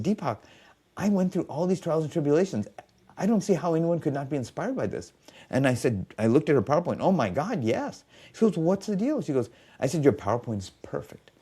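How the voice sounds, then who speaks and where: Male podcast guest, mellow voice, lively swinging pitch, tells client stories and acts out the dialogue. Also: slightly rough. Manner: animated storyteller acting out quoted dialogue. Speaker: guest, biofeedback specialist. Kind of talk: storytelling in a podcast conversation.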